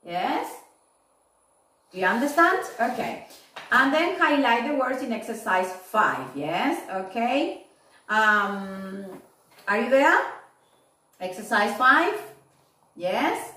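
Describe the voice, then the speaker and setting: A woman's voice: fairly high pitch, very animated, bright, forceful tone. A woman teaching an English lesson, often checking in with "yes?" and "okay?". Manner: slow, repeats "yes?" and "okay?" to check understanding. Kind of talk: recorded online lesson. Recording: echoey room, voice from far off.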